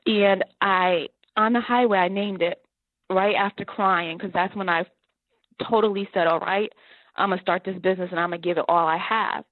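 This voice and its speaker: A woman guest telling her life story in an interview, earnest and animated, often laughing. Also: mid-range voice, a little fast, no room sound. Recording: tinny phone line.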